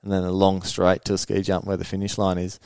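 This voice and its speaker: Low, smooth-voiced racer. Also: male voice, fast talker, no echo. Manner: relaxed, rambling, laughs while telling race stories. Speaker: guest motocross racer. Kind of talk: casual interview storytelling.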